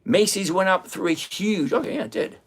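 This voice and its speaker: On a stock-trading livestream, a man with a high voice talks fairly quickly in a casual, blunt way. He sounds exasperated as he rattles off countdowns and numbers.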